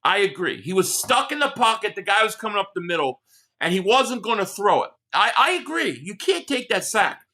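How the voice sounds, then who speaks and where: A man's voice: high voice, big pitch swings, brisk, pushed and bright. A man hosting a live sports reaction stream, ranting heatedly and with lots of profanity while reading out viewer chats.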